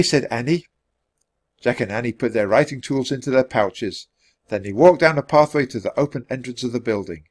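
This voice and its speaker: A man reading a children's chapter book aloud for English learners in a clear, expressive way. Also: medium pitch, moderate pace. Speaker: storybook reader.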